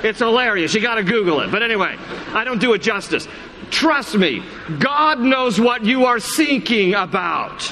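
A man's voice: high voice, pushed and bright. A male pastor giving a conversational sermon, quoting scripture and often restarting his sentences. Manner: conversational preaching with repeated restarts and scripture quotes. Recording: long hall reverb.

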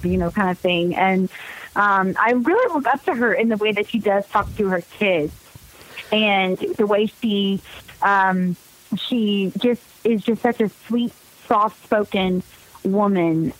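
A young adult woman, a guest in a casual interview, talking in an outgoing, animated way with lots of fillers. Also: mid-range voice, a little slow, low-quality recording.

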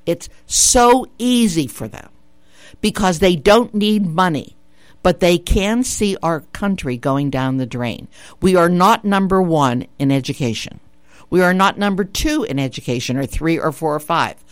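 A woman's voice: lowish voice, lively intonation, unhurried, dry recording. A woman hosting a radio talk show, chatting in an opinionated, emphatic way that repeats her points and asks the listener rhetorical questions. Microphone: studio radio mic.

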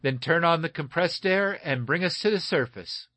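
A man's voice: fairly high pitch, lively intonation, normal speed, sharp tone, pitched above the performer's own voice. Man doing a decisive young captain. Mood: commanding. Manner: commanding orders.

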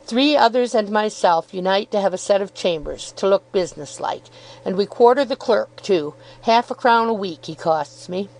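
A woman with a mid-range, darkish, natural voice reads an audiobook character, a cheerful, good-humoured young law student who chuckles and pokes fun at herself. Her intonation is lively and her pace moderate, though the recording is low quality.

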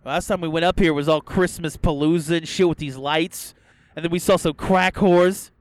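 A man hosting a podcast from inside a car, swearing constantly and breaking into yells as he rants. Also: on the high side, steady tone, moderate pace. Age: adult, past a first marriage. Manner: crude, swears constantly, bursts into yelling. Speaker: podcast host. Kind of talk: profane casual rant.

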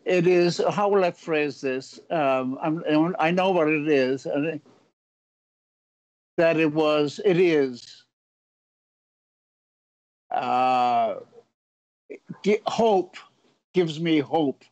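A man being interviewed, halting and searching for words, with a wry humour. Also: on the high side, darkish tone, no echo, highs cut off. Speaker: guest. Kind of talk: interview answers.

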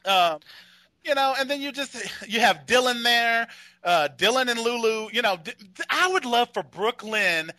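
A man chatting casually about soap operas, animated and gossipy, often acting out lines. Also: very high-pitched, normal speed, dry recording. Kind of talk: casual chat.

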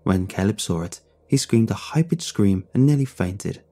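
A man narrating a first-person story in a measured, somber way. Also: fairly low pitch, lively intonation, dark tone.

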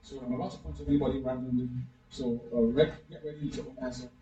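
A man's voice: mid-range voice, little pitch movement, fast talker, warm tone. A pastor giving an interactive sermon, repeating his questions to the congregation over and over. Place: church hall. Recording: echoey, distant, dull room recording.

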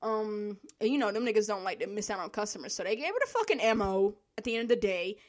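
Animated young woman telling a story. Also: medium pitch, fast talker. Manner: animated, profane, laughs often, acts out quoted exchanges. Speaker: vlogger telling a work story. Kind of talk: casual storytelling monologue.

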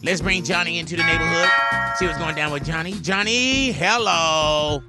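High-voiced laid-back radio host, man. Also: normal speed, loud music behind the voice. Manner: laid-back, jokey, says "you know what I'm saying". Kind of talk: morning radio talk show banter.

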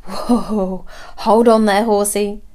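A woman reading a storybook, voicing a scared, grumbling young woman in an exasperated hushed whisper. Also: a little high, expressive, a little slow, husky.

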